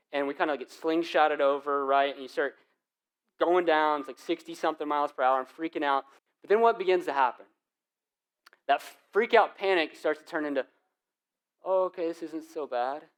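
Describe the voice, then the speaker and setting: Animated young pastor preaching with a higher voice. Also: male voice, fairly quick, clear, resonant tone. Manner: animated storytelling with casual slang. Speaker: lead pastor. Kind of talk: sermon.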